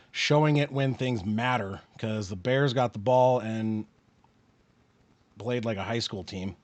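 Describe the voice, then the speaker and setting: A man calling a football game play by play on his live stream, rising with excitement on big plays and dropping to quiet muttered asides. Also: mid-range voice, no room sound. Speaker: streamer and sports commentator.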